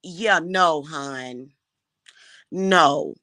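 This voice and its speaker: A woman's voice: low voice, extremely slow, bright, forceful tone, no room sound, clean studio sound. A woman giving blunt love advice in a casual monologue, emphatic and swearing freely.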